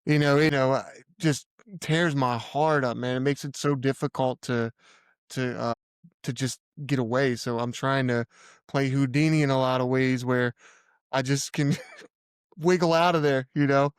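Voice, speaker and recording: Earnest man with a smooth voice. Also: mid-range voice, fairly even intonation, dry recording, clean studio sound. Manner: earnest, halting, frequent fillers. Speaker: podcast guest, new dad. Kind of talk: casual conversation.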